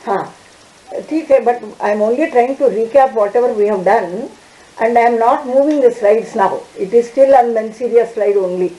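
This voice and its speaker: Woman, law teacher, online class, halting with fillers, roomy echo. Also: fairly high pitch, dark tone. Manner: halting, many fillers and restarts.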